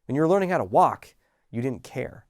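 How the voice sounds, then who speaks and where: A middle-aged man speaking as a coach in a loose, conversational way, his pitch swinging up and down as he acts out little moments. The sound is dry and close, with no room around it. He slips in sighs and chuckles as he goes. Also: brisk, dry recording. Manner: casual and animated, acting out little scenes with sighs and laughs. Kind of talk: motivational talk to camera.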